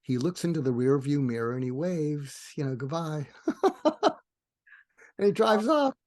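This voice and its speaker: A man's voice: animated, unhurried, a little mellow, no room sound, clean studio sound. Older man telling stories with restarts. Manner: rambling with frequent restarts, acts out dialogue with rising pitch. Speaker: psychiatrist guest. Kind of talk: animated storytelling in a podcast interview.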